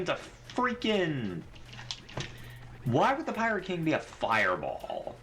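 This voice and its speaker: A man's voice: on the high side, huge pitch swings, a little slow, long pauses, sharp tone. A man giving sarcastic, profane, rambling commentary while playing a video game. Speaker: gaming channel host. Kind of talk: let's play commentary. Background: faint game music.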